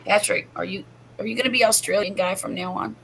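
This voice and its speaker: A woman's voice: mid-range voice, steady tone, fast talker, gravelly, a bit bright, slight background noise, low-quality recording. A woman, hosting a chatty livestream from home and laughing often. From US Gulf Coast. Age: 50s. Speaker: livestream host. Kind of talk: casual livestream chat.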